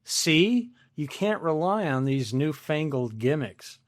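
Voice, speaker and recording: A man's voice: a little high, sing-song, slow pace, no echo, clean studio sound. An older man voicing a flustered grandmother. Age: 70s.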